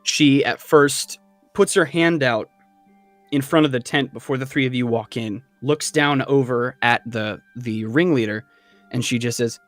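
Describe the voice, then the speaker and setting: A man narrating as game master of a tabletop game, talking in an unhurried, halting way with many fillers. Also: mid-range voice, no echo, soft background music.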